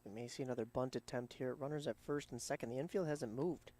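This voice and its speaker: A man giving color commentary at a high school baseball game, relaxed and analytical. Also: fast talker.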